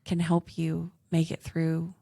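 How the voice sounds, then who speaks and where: A woman's voice: low voice, monotone, slow, creaky, mellow, no room sound. A woman with a Southern American accent hosting a faith-based podcast, speaking in an earnest, encouraging way. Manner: earnest, encouraging, giggly in bloopers. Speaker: podcast host. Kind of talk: casual podcast chat with faith reflection.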